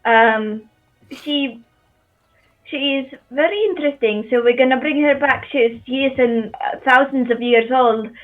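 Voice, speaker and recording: A woman playing her character in a tabletop game. She is eager and says the same thing several times. Her voice is a little high and comes through a thin, phone-like line. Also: measured pace, soft background music. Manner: eager, repeating herself. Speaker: player. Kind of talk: in-character tabletop role-play.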